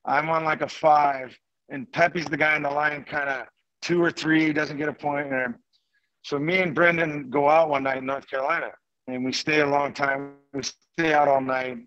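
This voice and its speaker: A man, a former hockey player and guest, telling an animated anecdote in a lively, rambling way. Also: a little high, normal speed, dry recording, lo-fi sound. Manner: lively, rambling, laughs mid-story.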